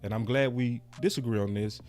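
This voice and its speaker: A man's voice: mid-range voice, steady tone, a little fast, darkish tone. A man hosting a sports call-in show, easygoing and conversational. He makes his case in plain, laid-back talk and keeps cutting back into the discussion. Faint music runs underneath. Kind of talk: casual sports debate.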